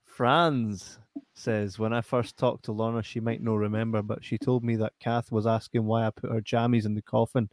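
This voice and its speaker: A man's voice: on the low side, flat delivery, normal speed, darkish tone, no room sound. A man with a Scottish accent hosting a casual live stream, reading out chat messages with lots of laughter and banter. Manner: banters, laughs often, swears.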